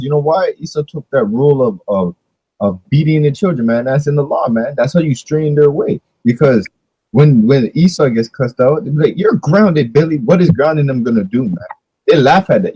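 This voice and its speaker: A man's voice: medium pitch, animated, moderate pace, warm tone, husky, no echo, rough recording. A man leading a casual religious discussion, preaching in a slangy way full of rhetorical questions.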